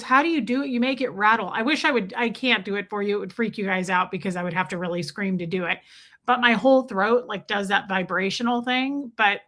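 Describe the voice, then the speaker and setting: Woman, livestream host, casual chat, playful, bright tone, slightly high voice. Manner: chatty, playful, reads viewer names aloud. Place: countryside home.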